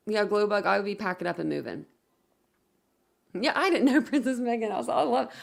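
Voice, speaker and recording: This woman's mid-range voice is creaky and a little fast, broken by long pauses. Hosting a casual livestream, she reads out viewer comments and rambles on with many fillers and self-corrections.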